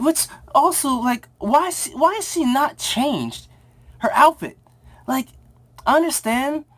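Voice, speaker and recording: A TV show reviewer giving a casual episode recap, rambling with many fillers and restarts, and acting out characters' lines in quick asides. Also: medium pitch.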